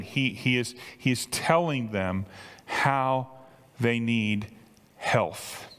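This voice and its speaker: A man's voice: medium pitch, fairly bright tone. Older man preaching in a reverberant hall. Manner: conversational, repeats words, rises to emphatic peaks. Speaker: pastor. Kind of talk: sermon.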